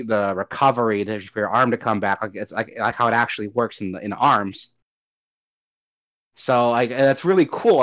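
A young man co-hosting a casual gaming chat, rambling and animated, swearing casually as he goes. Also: mid-range voice. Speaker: podcast co-host. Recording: dull lo-fi audio.

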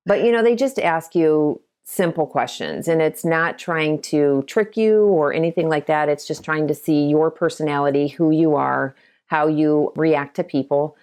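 Low-voiced middle-aged realtor lady from ohio, chatty, tells stories. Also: normal speed, darkish tone, clear, resonant tone. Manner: chatty storytelling, acts out quotes. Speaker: guest realtor and broker. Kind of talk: conversational interview.

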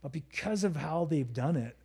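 A man's voice: on the high side, lively intonation, normal speed, creaky, dark tone, husky. A man chatting casually on a podcast, telling a story with plenty of swearing and laughter. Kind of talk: casual chat.

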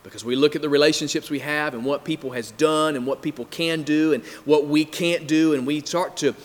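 A man's voice: fairly high pitch, fairly even intonation, fairly quick. A male pastor preaching a sermon in an emphatic, repetitive rhythm, speaking in a church hall. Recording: long hall reverb.

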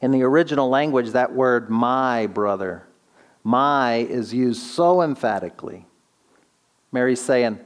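Guy preaching a sermon, earnest, slows way down on the big words, mid pitch. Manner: earnest, slows down for emphasis, asks rhetorical questions. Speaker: pastor.

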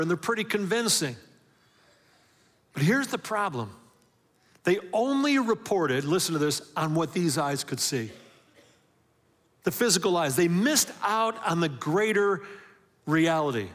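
A man's voice: fairly high pitch, lively intonation, unhurried, long pauses. Emphatic male pastor preaching in a reverberant hall. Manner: emphatic, call-and-response questions, swings from loud to hushed. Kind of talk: sermon.

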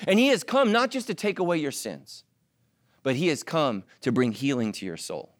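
A middle-aged male pastor preaches with a lively, swinging voice that jumps high and drops low. He mixes teaching with playful asides to his congregation. The sound is close and dry. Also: moderate pace, no room sound. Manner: animated, joking asides to the congregation. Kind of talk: sermon.

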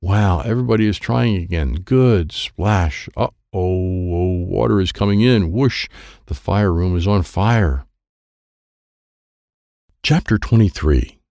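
A man's voice: sits low, slow pace, vocal fry, darkish tone, no room sound, studio quality. A man reading a children's book aloud in first person, in plain short sentences. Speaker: audiobook narrator.

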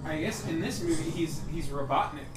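A man's voice: on the high side, brisk, echoey room, over music. A man co-hosting a casual podcast, chatting and swearing while watching a movie. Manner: joking, swears freely. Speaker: podcast co-host.

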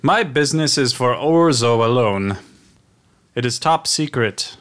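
A man's voice: medium pitch, animated, unhurried, fairly bright tone. A man playing a pompous theatrical traveler. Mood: grand. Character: grandiose male traveler with a donkey, theatrical.

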